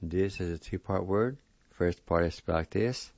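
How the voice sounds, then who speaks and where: A man teaching a language lesson on a dull lo-fi recording, sounding out each syllable slowly and deliberately. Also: low-pitched, darkish tone, no echo. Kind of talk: spelling and pronunciation lesson.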